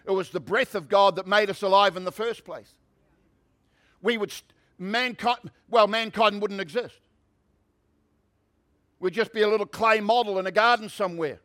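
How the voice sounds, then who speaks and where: High-voiced man preaching a sermon. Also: moderate pace, pauses often. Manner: conversational, builds to loud preaching. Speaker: pastor.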